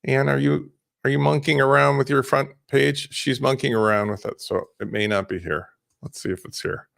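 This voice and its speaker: A middle-aged man hosting a live business webinar in a casual, energetic way, jumping between examples as he shares his screen. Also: mid-range voice, moderate pace, vocal fry, dry recording, clean studio sound.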